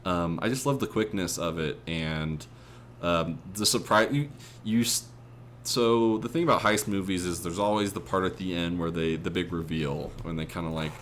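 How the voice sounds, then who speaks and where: A man with a very low but bright, forceful voice, rambling through his movie opinions on a casual podcast. He hesitates often and leans on fillers, with faint background noise in the recording. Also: normal speed. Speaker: podcast co-host. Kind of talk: casual movie review chat.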